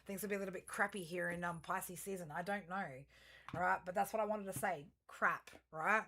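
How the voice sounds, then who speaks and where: A woman's voice: fairly low pitch, fairly even intonation, brisk, a bit bright. A woman giving a casual tarot and astrology reading, talking straight to her viewers in a rambling, profane, chatty way, full of fillers and restarts. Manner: chatty, self-interrupting, frequent fillers.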